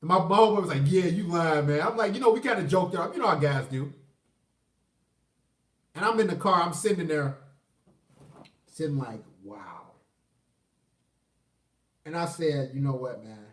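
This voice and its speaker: A man casually telling a personal story, animated and profane, swinging between loud outbursts and low mutters. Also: fairly quick, pauses often. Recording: roomy echo, mic at a distance.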